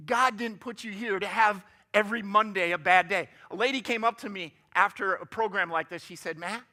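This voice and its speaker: A man's voice: high-pitched, fairly quick, pushed and bright. A man giving a motivational guest talk in church, upbeat and joking, often asking the audience questions. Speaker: guest speaker. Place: church sanctuary.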